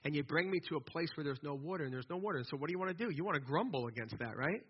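A man with a husky, somewhat high voice delivers a conversational sermon, stumbling and restarting as he builds his point. The recording is dull and lo-fi. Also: racing. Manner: animated, conversational preaching with repeated false starts. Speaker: pastor.

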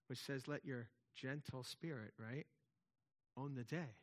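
A man's voice: mid-range voice, lively intonation, a little slow. A man preaching a sermon in a conversational way, with emphatic swells and frequent restarts. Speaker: pastor.

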